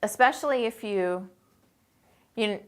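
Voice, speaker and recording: A woman's voice: medium pitch, measured pace. A woman hosting a live chat in a chatty, upbeat way, reading out viewer comments and rambling on with lots of "you know" and "like" while a quilt hangs behind her indoors. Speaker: host.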